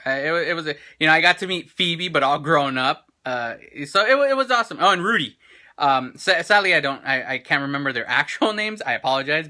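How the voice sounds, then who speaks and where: Bright-voiced rambling man hosting a vlog. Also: medium pitch. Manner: rambling and enthusiastic, many restarts and fillers. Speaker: show host. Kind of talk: casual chat. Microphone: handheld camera.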